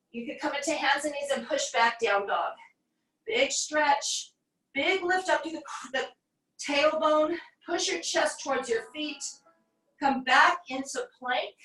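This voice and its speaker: A woman's voice: high-pitched, a bit bright. A woman in her forties leading a guided yoga class, cueing each breath and pose with encouragement, a little out of breath. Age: 40s. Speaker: yoga instructor. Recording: echoey room, voice from a distance.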